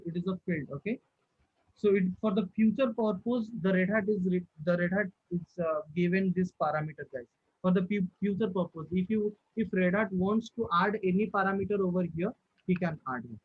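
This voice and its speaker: An instructor with a high voice runs a live online class, repeatedly checking in with his students and repeating his questions again and again. The audio sounds dull and dry, like a video call, with no room sound.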